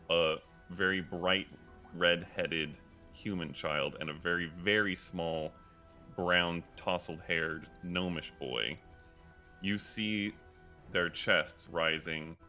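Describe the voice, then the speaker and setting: Running a tabletop game as dungeon master, a man with a very deep voice and a bright, forceful edge sets each scene slowly and in rich detail. He often pauses on filler words, and soft music plays in the background.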